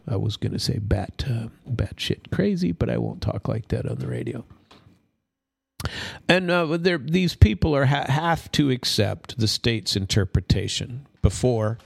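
A man's voice: mid-range voice, creaky, no room sound. A male radio talk show host giving blunt, indignant commentary, cursing now and then and often restarting his sentences. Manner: frequent stammered restarts.

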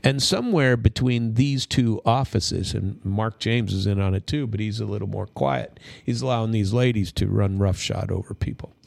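A man's voice: on the low side, moderate pace, gravelly, hardly any pauses, darkish tone, no echo. A male radio talk show host giving blunt, indignant commentary, cursing now and then and often restarting his sentences. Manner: frequent stammered restarts.

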